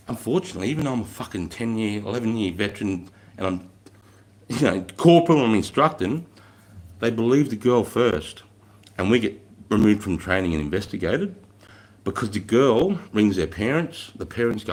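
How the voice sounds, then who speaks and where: A man's voice: on the low side, animated, moderate pace. An Australian man in his thirties, a former army instructor, telling stories in a casual live stream with blunt, heavily profane speech.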